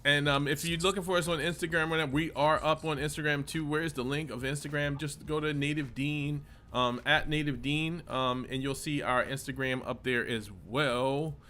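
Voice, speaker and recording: A man's voice: on the high side, normal speed, few pauses, a little hiss or hum. A man hosting a casual group livestream, greeting viewers and reading out where they are checking in from. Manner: reads out viewer check-ins, relaxed, with fillers.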